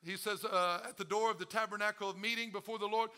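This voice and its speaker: A man's voice: sits high, fairly even intonation, quick pace, bright, forceful tone, clear, resonant tone. A male pastor preaching a sermon to his congregation, calling out to them and acting out the prayers he quotes. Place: church.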